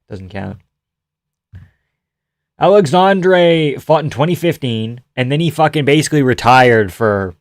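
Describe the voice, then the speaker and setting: A man's voice: on the low side, no room sound, clean studio sound. A man hosting a casual livestream, rambling, swearing and reading viewer comments aloud. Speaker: livestream host.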